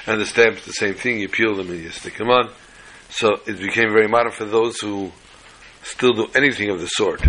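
A storyteller with a voice on the low side and a fairly bright tone tells folksy stories and jokes in a casual way. He drops Yiddish and Hebrew phrases and acts out the dialogue with quick quoted voices. The audio quality is poor.

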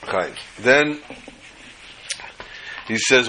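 A man's voice: fairly low pitch, normal speed, long pauses, fairly bright tone, slight background noise, low-quality recording. Joke-telling male Torah teacher. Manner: chatty storyteller, acts out jokes. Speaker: rabbi teaching a weekly class. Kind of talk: Torah class told with jokes.

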